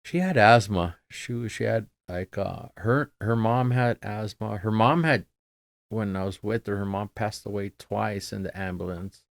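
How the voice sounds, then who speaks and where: A middle-aged man talking casually as a podcast guest, halting and subdued, trailing off with many fillers. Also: on the low side, vocal fry, no echo. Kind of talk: casual conversation.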